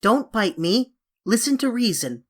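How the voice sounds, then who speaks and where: A woman's voice: a little high, big pitch swings, measured pace, pitched above the performer's own voice. A woman voicing an eager, coaxing young English girl who pleads dramatically, in a storybook reading. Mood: pleading.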